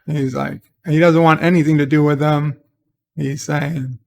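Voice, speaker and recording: A man's voice: a little high, little pitch movement, unhurried, creaky. A man giving a casual spoken recap of a TV episode, rambling and hesitant with lots of fillers and sarcastic, exasperated asides. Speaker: TV episode reviewer.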